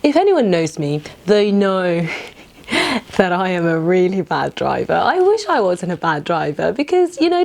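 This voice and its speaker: A young woman from Palestine, hosting a casual vegan cooking video and telling stories with giggles. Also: creaky. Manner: chatty, giggly, acts out relatives in high voices. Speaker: vegan cooking channel host. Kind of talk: casual cooking tutorial and storytelling.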